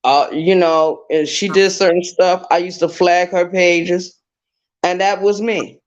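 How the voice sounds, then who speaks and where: A woman speaking slowly and deliberately as a call-in guest, blunt and emphatic, going over her points more than once. Her voice comes through an online call with dull, muffled lo-fi audio. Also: fairly low pitch, steady tone. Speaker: guest caller. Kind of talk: casual drama commentary. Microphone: online call through a browser.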